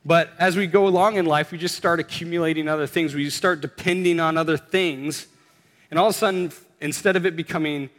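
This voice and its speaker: A man's voice: on the high side, brisk, a bit bright. Earnest preaching man in reverberant hall. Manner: earnest, builds to emphatic exclamations. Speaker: pastor. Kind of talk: sermon.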